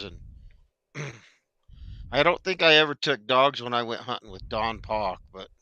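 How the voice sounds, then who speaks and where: Rambling man with a bright, smooth voice. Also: medium pitch, no room sound. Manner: rambling, hesitant. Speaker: veteran hound hunter. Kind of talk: casual reminiscing.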